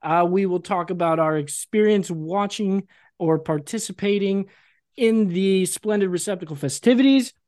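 A man's voice: sits high, moderate pace, darkish tone. A man co-hosting a casual podcast chat, rambling and joking and often laughing. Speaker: podcast co-host.

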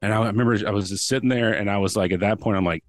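A man's voice: lowish voice, rapid-fire, dry recording. Rambling man telling a story. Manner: rambling, full of restarts and reenacted quotes. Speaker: podcast guest. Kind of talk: casual storytelling.

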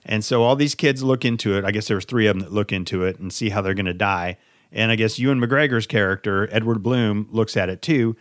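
Relaxed, dry-sounding male podcast co-host. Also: fairly low pitch, fairly quick, no echo. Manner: laid-back, chuckling, swears casually. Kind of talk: casual movie chat.

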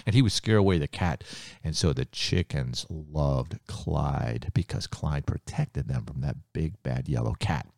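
Gravelly, animated storytelling man. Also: a bass voice, measured pace, no echo, clean studio sound. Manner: animated, quizzing listeners, sound effects. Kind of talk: children's story narration.

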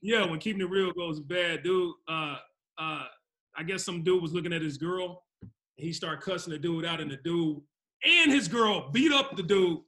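Man, casual talk show host, high voice, bright tone, animated. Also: normal speed. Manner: animated, laughing, acts out quotes. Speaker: podcast co-host. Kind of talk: casual chat.

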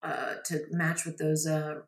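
A woman's voice: sits low, fairly even intonation, measured pace, gravelly. A woman playing in a mystery game, thinking aloud in casual chat. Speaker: player. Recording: roomy echo.

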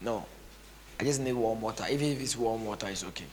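A man's voice: lowish voice, fast talker. A male pastor, preaching with a tired voice and breaking into tongues and chanted repeated phrases. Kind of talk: preaching to a gathering.

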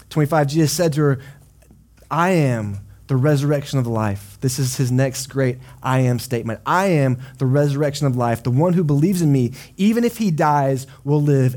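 A man preaching a sermon as pastor, telling the story in a conversational, animated way and voicing dramatic quotes. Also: on the high side. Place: church service.

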